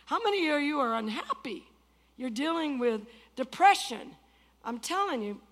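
A woman in her sixties preaching a testimony, swinging from loud outbursts to hushed tones. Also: high voice, very animated, moderate pace. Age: 60s. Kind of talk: sermon testimony.

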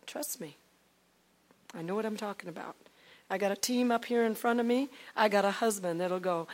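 A woman leading a ministry team, telling a faith testimony to a congregation in an animated storytelling way, moving from loud outbursts to near-whispers. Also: mid-range voice, normal speed. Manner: acts out quoted dialogue, swinging from loud to hushed.

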